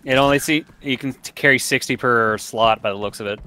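A man giving casual, jokey commentary while playing a co-op game, quick to laugh. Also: medium pitch, sharp tone, clean tone. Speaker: co-op gamer.

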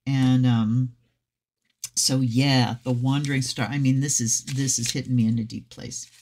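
A woman's voice: extremely low pitch, steady tone, measured pace, darkish tone, slight background noise. Chatty woman tarot reader, swearing. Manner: chatty and effusive, swearing, with frequent personal asides. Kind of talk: casual deck review reading aloud from a guidebook.

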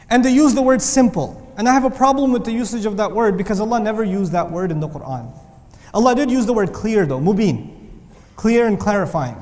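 High-voiced male teacher in a reverberant hall. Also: normal speed. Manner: animated, joking asides, emphatic repetition. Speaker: Islamic teacher lecturing students. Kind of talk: lively lecture with humor. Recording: long reverb of a large hall.

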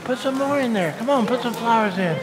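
A man's voice: very high-pitched, brisk, long reverb tail, crowd noise. A male pastor giving a coaxing, call-and-response children's sermon in a church. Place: church sanctuary.

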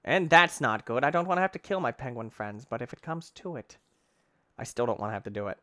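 A man giving excitable, rambling commentary on his gameplay, talking to himself and breaking into sudden shouts. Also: fast talker, dry recording, clean studio sound. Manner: excitable, with sudden shouts and big pitch jumps. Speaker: gaming channel host. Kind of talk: let's-play gameplay commentary.

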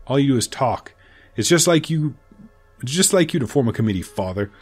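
A man's voice: mid-range voice, animated, fairly quick, darkish tone, slightly rough, soft background music. A man voicing a frightened, traumatized young woman, speaking in a shaky, pleading way. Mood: distraught.

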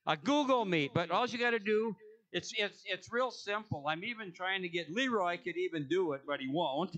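A man reads out the church notices from the front of a sanctuary, cracking jokes and wandering off track. His voice sits a little high and sounds bright and forceful. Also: muffled recording. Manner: joking, rambling, self-correcting. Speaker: church announcer. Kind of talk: casual church announcements.

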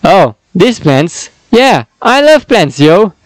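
A man's voice: high-pitched, very animated, takes it slowly, no room sound, heavily acted. A man voicing an eager male explorer zombie who brags about his gear. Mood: dreamy.

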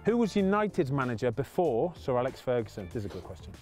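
A man's voice: mid-range voice, sing-song, fast, a little mellow, faint music behind. A middle-aged man hosting a football challenge outdoors, teasing the players and reading quiz questions aloud in casual banter. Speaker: goalkeeper host running a football challenge.

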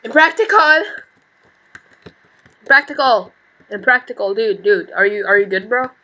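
A young woman with a fairly high voice, chatting and reacting loudly while she plays a game online. She is excitable and swears freely as she goes, in loose casual commentary. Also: normal speed, dull audio. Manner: loud, excitable, swears often. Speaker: gaming channel host.

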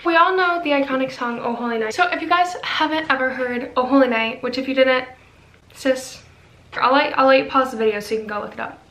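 A woman's voice: sits high, fairly quick, fairly bright tone, echoey room, poor audio. A young woman chatting in a casual vlog, bubbly and self-mocking, rambling with lots of fillers and sleepless late at night. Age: young adult. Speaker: vlogger. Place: bedroom, then a room with a piano.

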